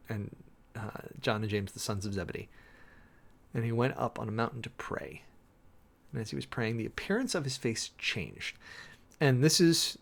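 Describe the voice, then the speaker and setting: Gravelly man thinking aloud over scripture. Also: medium pitch. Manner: rambling, self-interrupting, thinking aloud. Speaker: preacher. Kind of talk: casual sermon preparation, reading scripture aloud.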